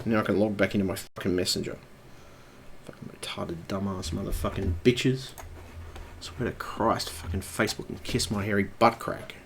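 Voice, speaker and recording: A man's voice: on the low side, steady tone, brisk, creaky, a little hiss or hum. A man live streaming at his computer, ranting angrily and swearing constantly. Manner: angry, profane ranting.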